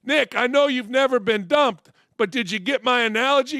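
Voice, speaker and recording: Sports talk host in his 60s, brash and rambling, high bright voice, dry studio sound. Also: normal speed, no room sound.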